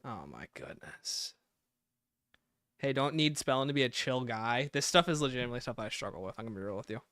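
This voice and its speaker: A man's voice: mid-range voice, rapid-fire, fairly bright tone, clean tone, no room sound, clean studio sound. A man casually chatting and joking on a livestream as the streamer, thinking aloud as he talks.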